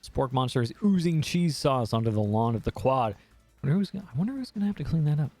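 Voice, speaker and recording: A man's voice: mid-range voice, fast, no echo, faint music behind. A man streaming a dating game, reading the text aloud with jokey, swearing commentary. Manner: animated, jokey, swears freely.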